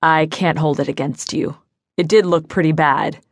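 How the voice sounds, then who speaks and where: Lady reading as a serious young guy in an audiobook, urgent, low and dry. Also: steady tone, normal speed, dry recording. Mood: earnest. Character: young man, earnest and angry.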